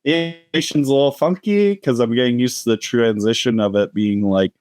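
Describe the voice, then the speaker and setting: A man's voice: medium pitch, fairly quick, a little mellow, no room sound, studio quality. A man co-hosting a podcast in casual chat, rambling through jokey rants with plenty of fillers. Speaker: podcast co-host.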